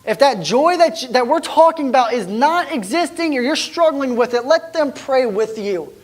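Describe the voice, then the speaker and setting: Expressive and very high-pitched at a normal speed, this pastor relates a personal story during his sermon. His talk is chatty, full of restarts, and often falls to a hushed near whisper.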